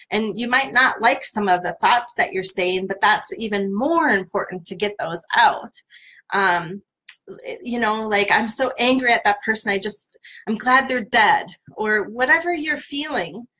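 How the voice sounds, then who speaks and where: A woman coach gently guiding a live-streamed tapping session, speaking in a soothing voice with frequent fillers. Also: mid-range voice, poor audio.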